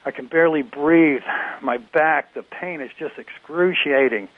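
A man's voice: fairly high pitch, unhurried, no room sound. Man doing a pained, complaining patient. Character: weary middle-aged man in pain. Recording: tinny phone line.

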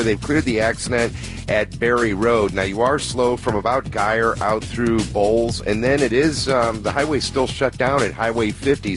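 A man giving a radio traffic report, briskly rattling off a list of roads and delays. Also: lowish voice. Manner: brisk, rattling off road lists.

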